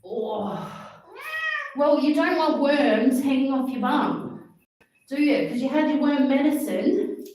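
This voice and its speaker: A woman's voice: high voice, takes it slowly, pauses often, warm tone, distant mic, slight background noise. A woman on a livestream chatting and coaxing her cats through a wash in a small bathroom, breathless and exasperated. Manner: fussing and coaxing pets, exasperated. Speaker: vlogger washing her cats. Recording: very echoey bathroom, off-mic.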